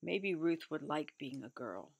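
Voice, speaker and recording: A woman reading a picture book aloud, gentle, adding chatty asides about the pictures. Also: low voice, expressive, unhurried, vocal fry, slightly rough. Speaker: reader.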